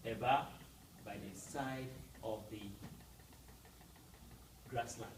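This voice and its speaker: Slow-talking male teacher. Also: mid-range voice, roomy sound, far from the mic, slight background noise, low-quality recording. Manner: explains step by step, often checks with "right?". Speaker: Yoruba language teacher. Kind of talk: classroom lesson.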